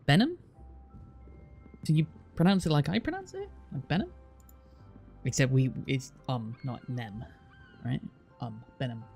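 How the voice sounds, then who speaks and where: This is a British man on a live stream, easygoing and a little distracted as he reads place names and answers his chat. His voice is deeply gravelly with a dark, mellow tone. Faint music plays behind him. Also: huge pitch swings, moderate pace, long pauses. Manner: reads place names aloud while chatting with viewers, swears casually.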